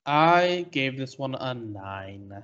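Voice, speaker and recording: A man's voice: medium pitch, lively intonation, takes it slowly, a bit bright, smooth. Rambling man in casual comic chat. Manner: rambling, many likes and restarts. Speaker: podcast co-host. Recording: muffled crackly mic.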